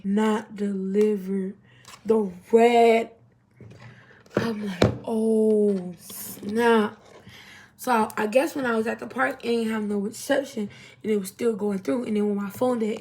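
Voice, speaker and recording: A young adult woman telling a storytime to her viewers in an animated, chatty way. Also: mid-range voice, normal speed, a little hiss or hum. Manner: animated, chatty, heavy use of 'literally' and 'y'all'. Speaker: vlogger. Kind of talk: casual storytime.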